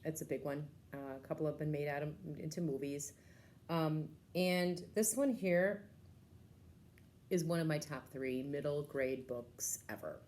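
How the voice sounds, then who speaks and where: Woman, librarian, low-pitched, chatty, enthusiastic, casual book talk, faint background noise. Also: a little slow, darkish tone. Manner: chatty, enthusiastic, many ums and uhs.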